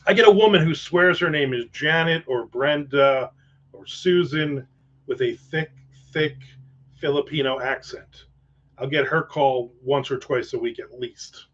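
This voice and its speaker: A man's voice: a little high, measured pace, a bit bright. A man hosting a casual livestream chat, rambling with profane jokes and asides. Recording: dull lo-fi sound.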